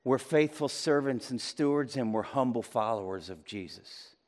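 A man preaching a sermon, swinging between loud emphatic peaks and low quiet passages. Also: expressive, moderate pace. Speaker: pastor. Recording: long reverb of a large room.

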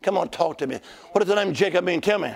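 A man's voice: high voice, quick pace, creaky. A male preacher delivering a sermon, calling out to the congregation for responses.

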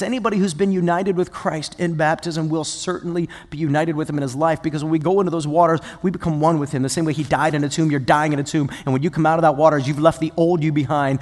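A male pastor preaching a sermon with passion, moving between loud emphatic bursts and quiet asides. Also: on the high side. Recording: long hall reverb.

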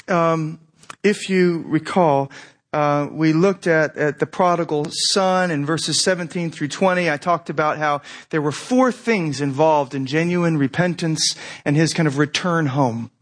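A man preaching a sermon as pastor, conversational and animated, often asking rhetorical questions. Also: on the high side.

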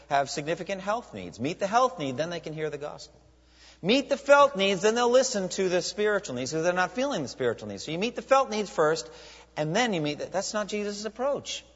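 A man preaching a sermon as a pastor, animated, with many rhetorical questions. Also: a little high, fairly quick. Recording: dull lo-fi sound with long hall reverb.

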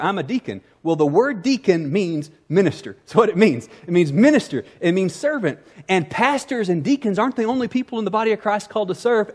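A man preaching a sermon as pastor, animated and acting out quoted voices. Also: high voice.

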